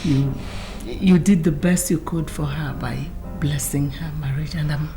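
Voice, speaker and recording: An actress with a Nigerian accent playing a calm, devoted wife caring for her sick husband, speaking soothingly. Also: deep voice, a little slow, over music. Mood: gentle. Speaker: wife and mother. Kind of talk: film drama acting.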